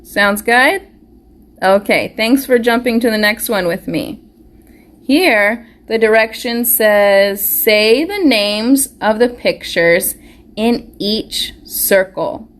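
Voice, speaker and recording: A woman teaching a live online phonics lesson to young children, slowly sounding out words and praising them warmly. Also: medium pitch. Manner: slow, encouraging, sounds words out carefully. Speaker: preschool teacher. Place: school or home classroom, live stream.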